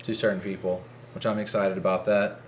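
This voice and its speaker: A man's voice: low-pitched, little pitch movement, fairly quick, background noise. A man co-hosting a casual late-night podcast, rambling and joking with many restarts. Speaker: podcast co-host. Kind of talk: casual late-night chat over beers.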